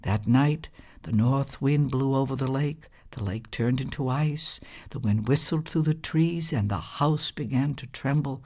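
A woman narrating a folktale in a measured, expressive storybook style. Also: very deep voice.

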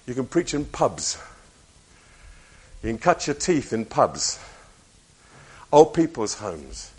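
Man in his sixties, preacher, personal testimony, wry storytelling, self-mocking jokes, mid-pitched voice. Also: very animated, slow, darkish tone, breathy edge.

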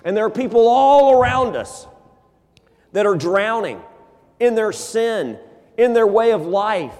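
A male pastor preaching a sermon in a church, telling stories with animated delivery. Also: high voice, a little slow. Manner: animated storyteller, acts out scenes. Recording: long hall reverb.

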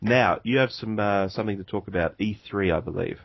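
An Australian man co-hosting a casual gaming podcast, easygoing and quick to chuckle. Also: lowish voice, gravelly, no room sound, lo-fi sound. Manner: easygoing, laid-back, chuckling. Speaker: podcast co-host. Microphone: home podcast microphone.

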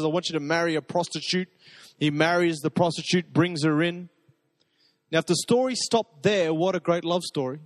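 A man preaching a sermon, telling stories in a conversational way and dropping to soft, intimate repetitions. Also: a little high, dry recording. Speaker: pastor.

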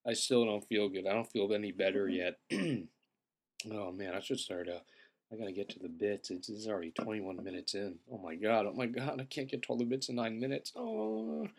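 A young man who feels sick, telling a rambling, profane comedic story and often clearing his throat. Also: on the low side, brisk. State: feeling sick. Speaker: podcast host.

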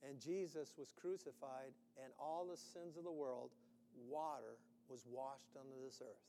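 Animated male preacher in a reverberant hall. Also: medium pitch, a little slow, a little hiss or hum. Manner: animated, acting out quotes with sudden loud bursts. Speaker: pastor. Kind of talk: sermon.

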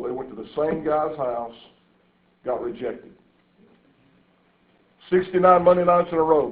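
A man preaching a sermon to a congregation, telling folksy stories and turning to the listeners with asides. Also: medium pitch. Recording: echoey room over a tinny phone-like line.

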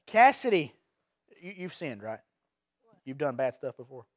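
A man's voice: medium pitch, sing-song, unhurried, dry recording, clean studio sound. A man preaching an evening sermon to his congregation. He is earnest, repeats and restarts phrases, and puts questions to the listeners. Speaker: pastor. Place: church sanctuary.

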